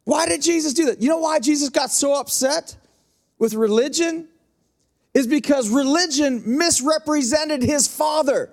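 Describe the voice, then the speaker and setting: A man's voice: very high voice, normal speed. A man preaching a passionate sermon as pastor, with emphatic repetitions and direct asides to his congregation.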